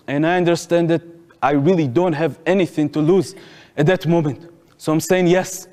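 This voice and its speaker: High-voiced Israeli man telling a story. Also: steady tone, moderate pace, a little mellow, in a large hall. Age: 20s. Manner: non-native phrasing, vivid present-tense retelling. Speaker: speaker at a public talk. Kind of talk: first-person storytelling to an audience. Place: lecture hall.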